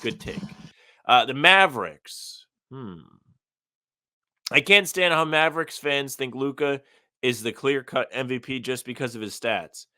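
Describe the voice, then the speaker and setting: A man with a bright, forceful voice chats on a sports podcast, reading listener comments aloud and weighing in bluntly. His voice sounds dry and close to the mic. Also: medium pitch, unhurried, dry recording. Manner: reads listener comments aloud, opinionated and conversational. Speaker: podcast co-host. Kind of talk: casual sports podcast chat.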